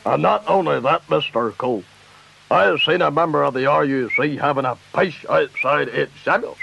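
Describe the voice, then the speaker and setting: A man's voice: a little high, normal speed, creaky, bright, forceful tone, heavily acted. A man with a Northern Irish accent voicing a foul-mouthed old preacher-politician in a comedy sketch, ranting and menacing. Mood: abusive. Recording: dull lo-fi record with faint hiss.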